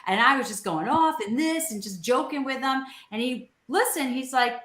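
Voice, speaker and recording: Woman co-host, animated storyteller who acts out dialogue; bright, sharp tone, echoey room. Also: high-pitched, normal speed. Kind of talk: casual storytelling. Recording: roomy echo.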